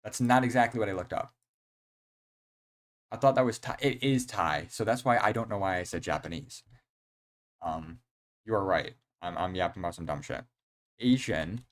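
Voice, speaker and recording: A young man streaming a horror game, chatting casually in an excitable, rambling way full of slang and fillers. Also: sits low, normal speed, pauses often. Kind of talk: casual live-stream chat.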